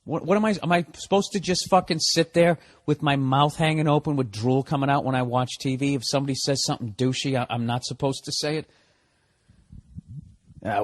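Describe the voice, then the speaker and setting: A man hosting a comedy podcast, delivering a casual monologue of profane, exasperated ranting. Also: medium pitch.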